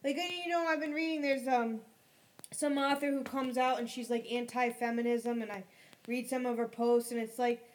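A woman co-hosting a casual podcast chat, ranting in a crude, profane, animated way. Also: a little high, moderate pace.

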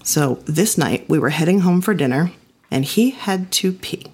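Low, husky woman telling a story. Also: lively intonation, moderate pace, darkish tone. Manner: intimate, reflective. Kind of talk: first-person storytelling performance.

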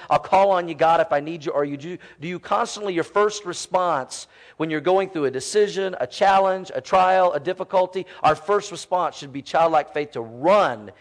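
A man in his forties, a pastor preaching a sermon in an animated, folksy storytelling way with many fillers. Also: fairly high pitch.

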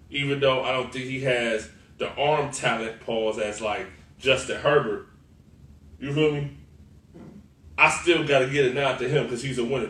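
A man co-hosting a podcast, talking football in a loose, animated, profane way and laughing often. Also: mid-range voice. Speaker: podcast co-host. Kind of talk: casual sports chat. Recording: roomy, far from the mic, faint noise.

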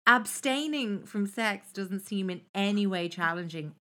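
A woman's voice: medium pitch, lively intonation, unhurried, fairly bright tone. A young woman co-hosting a podcast, chatting in a wry, gossipy way. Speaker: podcast co-host. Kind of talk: casual chat.

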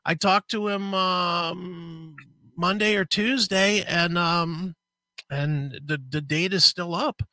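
A man telling a long story in casual conversation, swearing freely and getting animated. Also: high-pitched, slow pace, no echo. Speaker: co-host.

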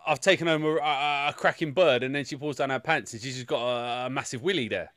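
A man's voice: medium pitch, quick pace, a bit bright, no echo, studio quality. A man co-hosting a podcast in casual chat, rambling with many restarts and crude jokes. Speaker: podcast co-host.

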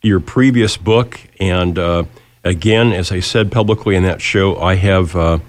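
A man hosting an interview, chatty and fond of telling stories. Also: low-pitched. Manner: chatty storyteller. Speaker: radio host. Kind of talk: interview talk.

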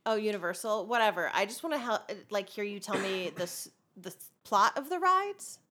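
A woman's voice: medium pitch, expressive, moderate pace, pushed and bright. A woman co-hosting a podcast in chatty, teasing casual talk. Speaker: podcast co-host. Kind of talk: casual chat.

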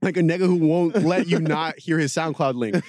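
Animated man telling a story, dry close sound. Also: a little high, brisk, no room sound. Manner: animated storyteller, swears freely, laughs often. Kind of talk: casual podcast chat.

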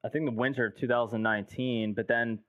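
A man's voice: mid-range voice, fairly even intonation, quick pace, a bit bright, no room sound. Man with a dull, dry sound. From United States. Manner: loose storytelling, heavy filler "like", swears casually. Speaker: guest producer. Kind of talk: casual podcast chat.

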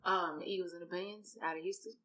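A woman in her twenties from California, a podcast guest speaking quietly and wryly into a studio mic. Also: lowish voice, fairly even intonation. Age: 20s. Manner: quiet, wry, quick. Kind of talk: casual podcast chat.

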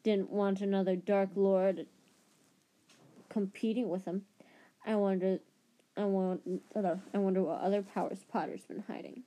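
A woman reading aloud as a suspicious, nervous schoolboy wizard who talks in a hushed, conspiratorial way. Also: mid-range voice, steady tone, unhurried, pauses often, close to an everyday voice.

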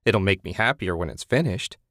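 An eager, stubborn husband who is crazy about classic cars, read by a man. His lines are enthusiastic and defensive, in a fairly low voice recorded dry and close. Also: lively intonation, brisk, a bit bright, dry recording.

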